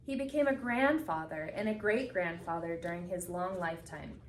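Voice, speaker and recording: A woman reading a picture book aloud with expressive storytelling, slowing down for the solemn moments. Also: lowish voice, a little hiss or hum. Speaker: reader. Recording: echoey room from a distance.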